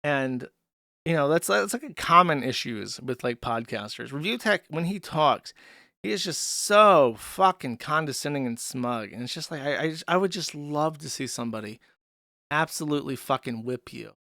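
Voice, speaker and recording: A man's voice: on the high side, lively intonation, normal speed, vocal fry, bright, forceful tone, no room sound, studio quality. A man hosting a stream commentary, ranting sarcastically with lots of swearing and filler words. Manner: profane, sarcastic, frequent fillers. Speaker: commentary host.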